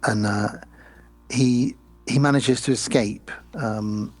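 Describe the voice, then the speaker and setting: Husky man recapping a film. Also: mid-range voice, fairly even intonation, slow, no echo, soft background music. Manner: rambling, chatty storytelling. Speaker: podcast co-host.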